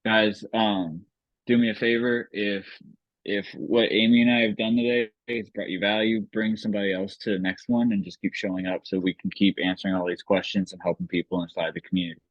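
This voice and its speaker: A man with a lowish voice hosts a laid-back podcast chat over a call. He jokes easily and leans on filler words. The audio is a bit dull and lo-fi, and very dry. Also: brisk, no room sound. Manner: relaxed, joking, lots of filler words. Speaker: podcast host. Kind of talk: casual group video-call chat.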